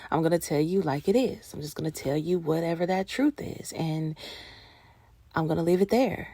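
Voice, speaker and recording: A woman hosting a reflective talk on healing, speaking earnestly and passionately, sometimes dropping to a hush. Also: fairly low pitch, expressive, a little slow, long pauses, no echo. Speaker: host of a personal growth talk.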